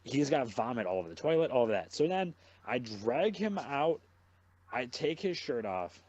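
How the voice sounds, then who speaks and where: A man's voice: medium pitch, normal speed, muffled recording. Swearing young man telling a rambling story. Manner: swears a lot, rambling and animated. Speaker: podcast host. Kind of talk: casual storytelling chat.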